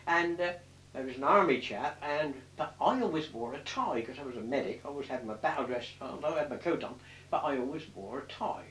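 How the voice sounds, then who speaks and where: A man's voice: medium pitch, expressive, a little fast, fairly bright tone, a little hiss or hum. An older man, a war veteran, telling his memories in a rambling way, swearing freely and correcting himself as he goes. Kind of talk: oral history storytelling. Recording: roomy sound from a distant mic.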